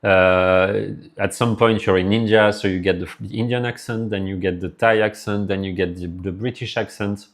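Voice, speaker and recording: A man's voice: lowish voice, fairly even intonation, moderate pace, few pauses. A man with a French accent, live streaming and chatting casually with his viewers, rambling as he answers their messages aloud.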